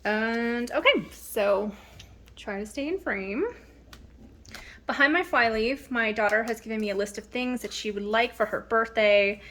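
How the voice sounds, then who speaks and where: A woman's voice: a little high, a little slow, fairly bright tone, a little hiss or hum. A woman in her thirties casually chatting through her planner in a vlog, rambling a little with ums and restarts. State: slightly out of breath. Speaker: planner vlogger. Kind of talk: casual show-and-tell vlog. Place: home.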